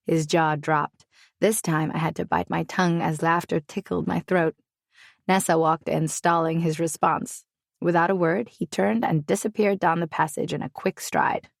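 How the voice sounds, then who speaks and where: Gravelly-voiced woman narrating an audiobook. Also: sits low, fairly even intonation, moderate pace, dry recording, studio quality. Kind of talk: first-person audiobook narration.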